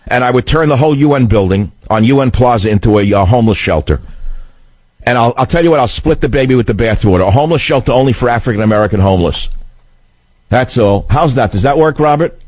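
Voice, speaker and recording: A man's voice: mid-range voice, lively intonation, fast, darkish tone, dry recording. A man hosting a political talk radio show, delivering a combative, sarcastic monologue into a studio microphone. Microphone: studio broadcast mic.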